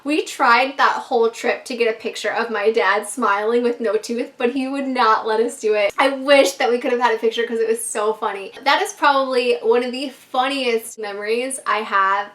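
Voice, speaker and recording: A woman's voice: fairly high pitch, steady tone, moderate pace, hardly any pauses, a bit bright, recorded from a distance. A young woman vlogger telling a story to camera in a chatty way, full of fillers and swearing, talking straight to her viewers. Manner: chatty, lots of 'like' and swearing, addresses viewers as 'you guys'. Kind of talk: casual storytime chat.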